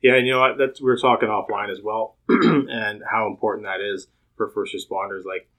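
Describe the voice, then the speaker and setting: A man's voice: on the low side, fairly even intonation, brisk, a bit bright, poor audio. A man who works as a paramedic, chatting casually as a podcast co-host.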